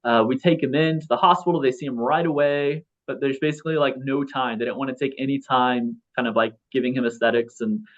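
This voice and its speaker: Fairly quick with hardly any pauses, this man's mid-range voice stays fairly even in intonation. He's a philosopher in his thirties, a guest in a casual interview, talking in a rambling way with many restarts and fillers, captured in slightly dull lo-fi audio.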